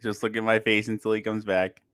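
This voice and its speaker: A man hosting a casual chat over a video call, chatty and quick to laugh at himself. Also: lowish voice, level tone, a bit bright, clean tone, no room sound. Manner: chatty, laughs often, self-deprecating. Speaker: podcast host.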